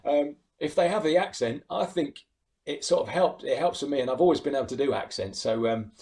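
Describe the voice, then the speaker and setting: A man with a southern English accent, chatting as an impressionist guest in an animated way. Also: a little high, brisk. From United Kingdom. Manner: animated, laughs easily, slips into voices. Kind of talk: casual interview chat.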